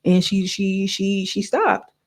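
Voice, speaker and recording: A woman chattily recapping a reality TV episode, full of fillers and quick asides. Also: mid-range voice, dry recording. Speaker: YouTube reality-show reviewer.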